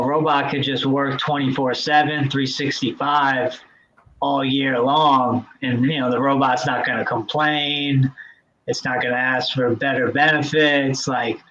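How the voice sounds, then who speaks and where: A man's voice: medium pitch, a bit bright. A man talks loosely on a tech podcast, piling up fillers and restarting his sentences as he thinks aloud. His recording sounds a little dull and muffled. A faint noise runs underneath him. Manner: rambling, many fillers and restarts. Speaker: podcast host. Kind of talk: casual chat.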